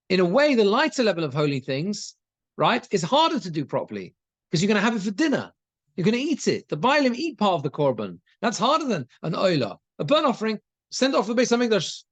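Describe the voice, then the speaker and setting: A man's voice: sits high, no room sound. A man teaching a conversational Torah class as a rabbi, reading Hebrew phrases and translating them as he goes, with frequent restarts.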